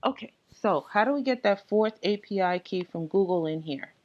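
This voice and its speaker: A woman giving a casual tech tutorial, explaining setup steps in a relaxed, halting way with frequent fillers. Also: medium pitch, muffled recording. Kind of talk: casual screen-recorded walkthrough.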